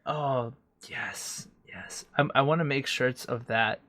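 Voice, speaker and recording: A man's voice: mid-range voice, slow pace, a bit bright, no echo. A young man co-hosting a podcast, chatting casually, joking and swearing freely. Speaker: podcast co-host. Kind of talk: casual chat.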